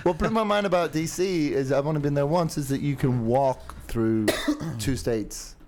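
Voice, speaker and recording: A man's voice: on the high side, moderate pace, crowd noise. A man in casual podcast chat, making wry, dry jokes. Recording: noisy podcast mic with clicks.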